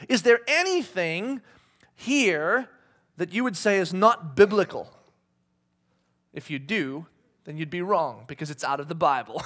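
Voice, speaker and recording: A man's voice: sits high, sing-song, normal speed, fairly bright tone. A man preaching a casual sermon to a congregation, joking, laughing and acting out voices as he reads scripture. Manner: conversational and joking, laughs often, acts out voices.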